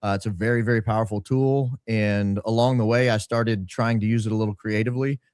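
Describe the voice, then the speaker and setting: A man telling his story as a podcast guest, talkative and emphatic, with brisk asides. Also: on the low side, fairly even intonation, darkish tone, clean tone, no echo, clean studio sound. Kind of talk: casual interview storytelling.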